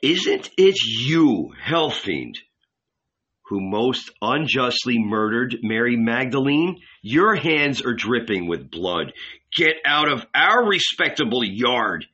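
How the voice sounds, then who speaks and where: A frightened young servant speaks bluntly and with urgency, as a man reads him aloud. The delivery is slow and the voice bright. The recording is slightly muffled. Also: medium pitch, big pitch swings, breathy edge, exaggerated voice. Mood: accusing. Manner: urgent, accusing. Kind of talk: audiobook reading.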